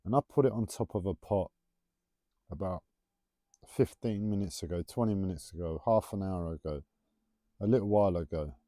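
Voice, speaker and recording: A man talks on a solo livestream from home, drifting from one tangent to the next in a self-confessed waffle. His voice sits low and mellow, and he stumbles over his T's. The sound is dry and close, with no room echo. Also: moderate pace, long pauses. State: struggling to pronounce his T's. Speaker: livestream host. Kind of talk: rambling solo livestream talk.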